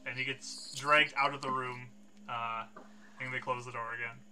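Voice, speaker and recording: A man narrating a tabletop game as game master in a relaxed way with frequent fillers. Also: mid-range voice, moderate pace, slight background noise.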